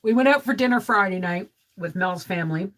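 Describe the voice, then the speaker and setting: A middle-aged woman with a deep, resonant voice, hosting a casual vlog live stream. She chats straight to viewers, reads their comments and keeps asking "right?". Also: a little fast, a bit bright. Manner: chatty, talks straight to viewers with frequent "right?". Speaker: homesteading vlog host.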